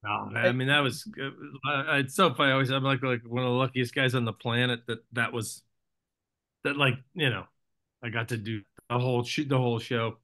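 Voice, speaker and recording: Bright-voiced man, rambling and joking. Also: medium pitch, steady tone, fairly quick. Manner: rambling, self-deprecating joker. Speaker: actor guest. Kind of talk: casual interview chat.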